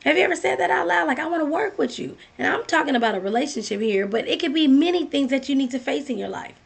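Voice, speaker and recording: A woman's voice: high-pitched, animated, fast talker, creaky. A woman giving a motivational talk, earnest and direct, repeating key phrases as she speaks to the listener.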